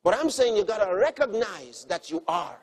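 With earnest teaching and repeated key phrases, a man preaches, shifting between soft, quiet lines and emphatic bursts. He speaks at a moderate pace in a high voice with big pitch swings.

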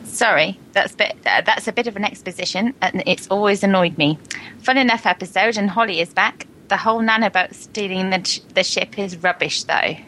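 Woman, podcast co-host, bright sharp voice, chatty, faint noise. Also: mid-range voice, a little fast, rough recording. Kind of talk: casual chat, reading listener feedback.

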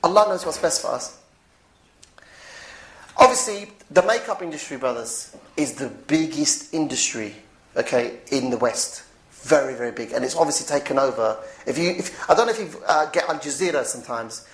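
A woman giving an informal religious talk, animated, chuckling now and then and repeating her points. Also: a bass voice, normal speed. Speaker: preacher. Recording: roomy echo.

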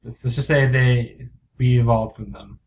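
A young man co-hosting a comedy podcast, chatting casually with sarcastic, deadpan asides. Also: mid-range voice, moderate pace. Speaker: podcast co-host.

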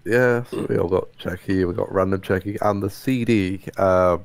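A man's voice: deep voice, steady tone, normal speed. A man co-hosting a casual podcast chat, easygoing and steering the talk along. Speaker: podcast co-host.

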